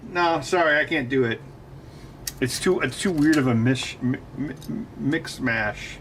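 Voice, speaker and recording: A man's voice: mid-range voice, unhurried, a bit bright, distant mic, slight background noise. A man hosting a livestream, chatting casually and joking at his own expense while he builds. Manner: self-mocking, joking, trying impressions. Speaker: host.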